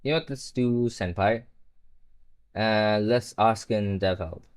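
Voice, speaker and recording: A man's voice: fairly low pitch, slow pace, clean tone. Swearing, rambling male live streamer. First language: not English. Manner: rambling, swears when frustrated, talks to chat. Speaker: livestreamer. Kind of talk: casual live-stream chat while coding.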